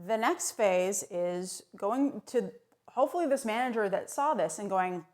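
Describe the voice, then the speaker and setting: A woman delivering tongue-in-cheek advice in a brisk, sardonic, mock-serious monologue. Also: mid-range voice, animated, darkish tone. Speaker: comedic advice vlogger.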